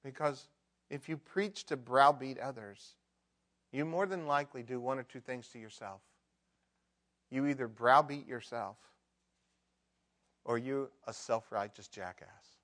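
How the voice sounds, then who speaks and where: A middle-aged man preaching a sermon, emphatic, dropping to a hush and rising to loud outbursts. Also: mid-range voice, a little slow, pauses often. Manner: emphatic, swings between loud mock outbursts and hushed prayer.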